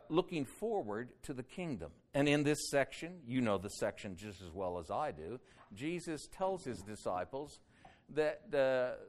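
Guy preaching a bible sermon, mid pitch, gets loud then drops quiet. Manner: rises loud on quoted cries, drops low and slow on solemn points. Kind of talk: expository sermon.

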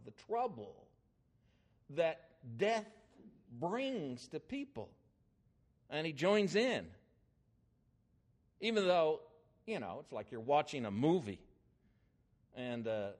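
An older man preaching a sermon, telling a story with swings in emphasis and loudness. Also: mid-range voice.

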